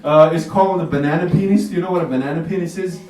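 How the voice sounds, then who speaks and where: A man's voice: a little high, very fast, a little mellow. Man, stand-up comedian, casual and profane, roomy café, far from the mic. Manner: laid-back, swearing, frequent fillers. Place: café stage with audience. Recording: roomy, distant, noisy room recording.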